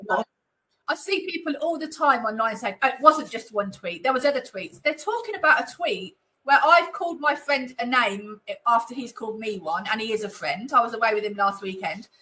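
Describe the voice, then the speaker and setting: A woman's voice: on the high side, lively intonation, a little fast, sharp tone, poor audio. A woman being interviewed, talking in a chatty, indignant way with lots of fillers. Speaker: interview guest. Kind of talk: conversational interview. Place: Northamptonshire.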